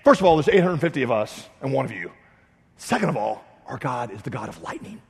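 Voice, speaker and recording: A man preaching a sermon in a blunt, lively, joking way with touches of sarcasm. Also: medium pitch, fast, husky, long reverb tail. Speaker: pastor.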